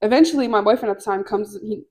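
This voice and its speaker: A young woman co-hosting a casual talk show, telling a long story with plenty of swearing. She gets loud and lively when she acts out the people in it. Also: medium pitch, quick pace, crowd noise. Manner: animated, swearing, acts out quoted people loudly. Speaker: podcast co-host.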